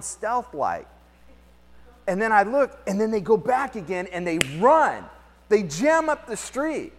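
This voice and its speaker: A man preaching a conversational sermon as pastor, lively and slangy, mixing scripture with everyday stories. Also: sits high. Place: church hall. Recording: long hall reverb.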